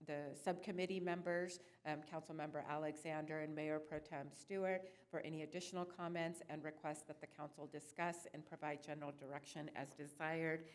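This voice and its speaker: A woman's voice: sits low, flat delivery, a little fast, few pauses. A woman city clerk presenting a staff report at a council meeting, hesitant and full of filler sounds.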